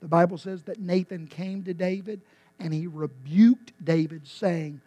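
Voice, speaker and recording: A man's voice: sits high, steady tone, unhurried, no echo. Impassioned preacher man. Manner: impassioned, swinging from quiet to loud with emphatic repetition. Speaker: pastor. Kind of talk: sermon.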